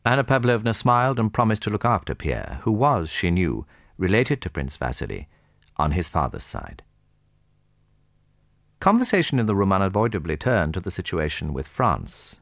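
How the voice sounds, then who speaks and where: A man narrating a classic novel in a measured, expressive storytelling manner. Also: low-pitched, no echo, clean studio sound. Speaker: audiobook narrator.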